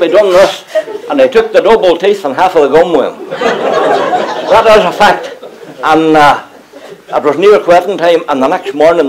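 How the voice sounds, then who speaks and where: An older Northern Irish man with a slightly raised pitch, telling comic stories at a community gathering. He chuckles through his anecdotes, and a faint hiss sits under his voice. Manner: humorous, chuckling as he tells yarns. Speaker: local speaker recalling mill days. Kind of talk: anecdotal storytelling to an audience. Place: community gathering before a live audience.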